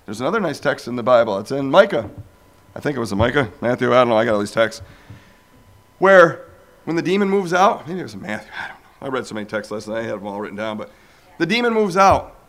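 A man preaching a storytelling sermon, animated and acting out dialogues as he goes. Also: medium pitch, fast.

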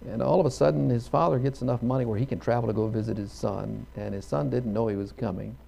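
A middle-aged man preaches in a gravelly voice, spinning a folksy story. He acts out the characters and now and then erupts into a loud hallelujah. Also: medium pitch, steady tone, fast, a little hiss or hum. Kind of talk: sermon with storytelling.

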